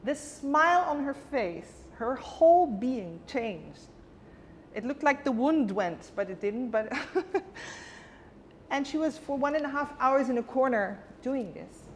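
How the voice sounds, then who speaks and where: Long reverb and faint background noise surround a woman's high, animated voice as she speaks at a slow pace. A guest in a conversation, she recounts a personal story with vivid emotion, performing the dialogue as she goes.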